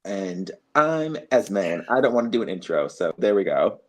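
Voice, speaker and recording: A man co-hosts a loose podcast chat with teasing, quick back-and-forth. His voice is partly lost and comes out husky. His pitch swings widely as he talks. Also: very animated. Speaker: podcast co-host. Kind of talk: casual chat.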